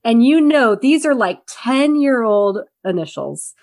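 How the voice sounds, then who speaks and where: Woman co-host, young, casual review chat; animated, salty, plays out scenes as she talks. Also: a little high, unhurried. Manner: animated, swearing, acts out characters' lines. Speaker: podcast co-host.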